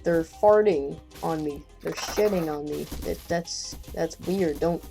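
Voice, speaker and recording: A man giving casual, excitable gameplay commentary, joking around and often repeating or restarting his phrases. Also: on the high side, slow, creaky, soft background music.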